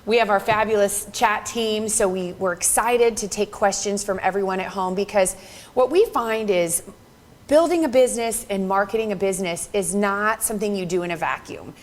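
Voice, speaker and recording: A woman's voice: mid-range voice, moderate pace. Upbeat woman in her 30s running a workshop, chatty and encouraging, laughs a lot. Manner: bubbly and encouraging, laughs often. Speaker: workshop presenter. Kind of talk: upbeat live workshop talk.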